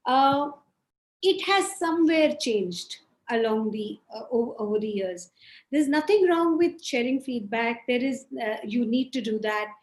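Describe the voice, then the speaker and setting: A woman from India speaking firmly as a panelist in an online discussion, often pausing with "uh". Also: fairly high pitch, lively intonation. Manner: firm, with frequent hesitations. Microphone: video call. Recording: echoey room.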